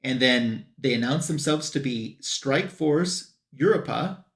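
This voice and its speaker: A man on a comic book show giving a casual plot recap and quoting characters in quick bursts. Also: medium pitch, roomy sound. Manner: retells scenes with quick quoted voices for characters.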